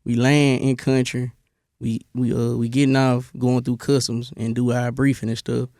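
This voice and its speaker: A young man from Memphis, telling his army stories in a relaxed interview, with a lot of "bro" and many restarts. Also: medium pitch, normal speed, no room sound, clean studio sound. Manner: laid-back storytelling, lots of "bro" and restarts. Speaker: interview guest, army veteran. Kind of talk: casual interview.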